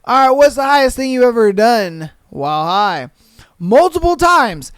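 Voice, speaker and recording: A man hosting a podcast, reading out listener stories and cracking up at them. His voice is smooth and clear, recorded close and dry with no room sound. He talks in loose, profane slang and keeps slipping into quick impressions of the people in the stories. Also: very high voice, sing-song, no echo. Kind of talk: casual podcast commentary.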